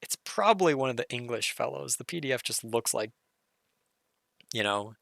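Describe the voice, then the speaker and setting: Streamer, male, hoarse and gravelly, bright tone, dry close mic, live puzzle solve talked through aloud. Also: medium pitch, moderate pace, dry recording. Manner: muttering, self-correcting, excited.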